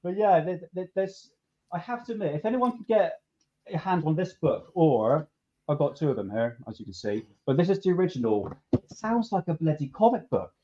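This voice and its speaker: A man's voice: a little high, sing-song, fairly quick, mellow. Laid-back man, lo-fi. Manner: laid-back, chuckling, restarts a lot. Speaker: podcast host. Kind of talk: casual chat. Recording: dull lo-fi sound.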